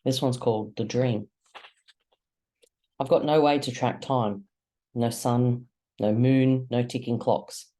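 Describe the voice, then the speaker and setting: A reader narrating a first-person novel chapter slowly, with measured dramatic pauses. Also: medium pitch, fairly even intonation, dark tone. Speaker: audiobook narrator.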